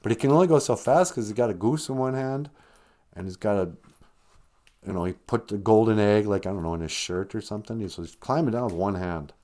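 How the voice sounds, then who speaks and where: Speaking fairly quickly in a warm voice on the low side, a man on his podcast rambles through a jokey, comic fairy tale. He laughs at his own storytelling.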